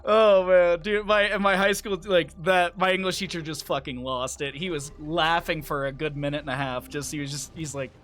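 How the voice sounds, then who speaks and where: A high, bright man's voice rambles through profane stories while playing a game on stream. He breaks off to greet chat and comment on the match. Faint music plays underneath. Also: steady tone. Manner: rambling, profane storytelling with quick asides to chat. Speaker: gaming streamer.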